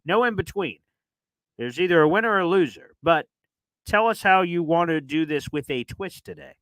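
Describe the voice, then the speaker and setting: A man hosting a casual sports talk show, telling stories in an animated way and acting out his own reactions. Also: fairly high pitch, moderate pace, no echo. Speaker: podcast host.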